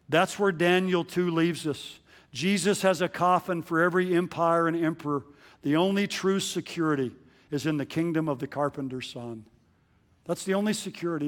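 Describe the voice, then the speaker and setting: A man preaching a sermon as pastor, earnest and measured, slowing down for emphatic repetitions. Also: high voice.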